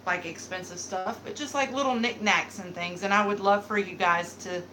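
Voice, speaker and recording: A woman's voice: medium pitch, moderate pace, noisy background. A young woman with a Southern American accent, chatting casually with viewers on her live stream, rambling with plenty of fillers. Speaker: beauty YouTuber hosting a live stream.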